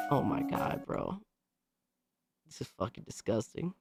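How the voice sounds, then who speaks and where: A woman hosting a casual livestream, reacting to things in an excitable, slangy, profane way. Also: rumbling low, measured pace, long pauses, over music. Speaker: livestream host.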